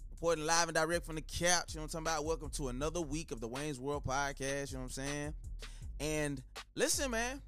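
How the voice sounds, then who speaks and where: Animated man hosting a podcast. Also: on the high side, fast talker, faint music behind. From Texas. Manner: animated, slangy, loose, many "you know what I'm talking about" tags. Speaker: podcast host. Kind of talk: casual solo podcast monologue.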